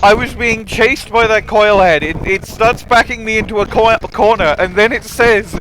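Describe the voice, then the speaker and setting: An excitable man with a high voice swears freely as he retells his misadventures during a co-op game. Clear noise runs under his voice throughout. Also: normal speed. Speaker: gamer. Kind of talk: live co-op gaming chat.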